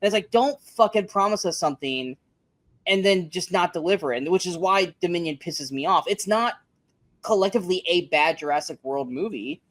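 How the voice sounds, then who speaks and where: A man's voice: high-pitched, expressive, moderate pace, a bit bright, dry recording. Male podcast co-host, casual review chat, blunt and profane, dry close sound. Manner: profane, emphatic ranting.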